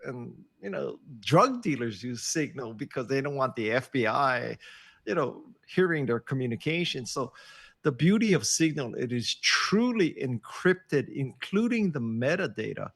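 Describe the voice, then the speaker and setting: A man over sixty, a podcast guest on a video call, chatting casually as an animated, joking storyteller. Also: medium pitch, measured pace, gravelly, breathy edge. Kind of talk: casual interview chat. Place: home office on a video call.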